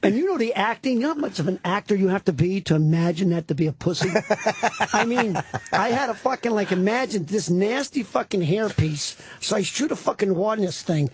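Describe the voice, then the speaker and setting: A man's voice: high-pitched, a little fast, breathy edge. A middle-aged man telling rambling, profane stories in casual talk-radio banter as a comedian guest. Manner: profane, rambling, animated storyteller.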